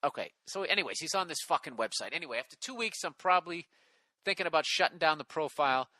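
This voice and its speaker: A man's voice: on the high side, animated, fast talker, pushed and bright, no echo. Sarcastic, profane man reading emails aloud. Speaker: podcast host reading listener emails. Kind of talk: casual comedic podcast banter.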